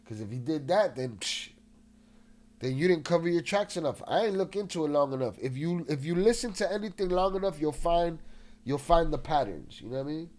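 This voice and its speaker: A man's voice: fairly high pitch, lively intonation, brisk, a little mellow. A man hosting a casual livestream, restless and agitated, swearing often and greeting chat members, with a slightly nasal voice. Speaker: livestream host.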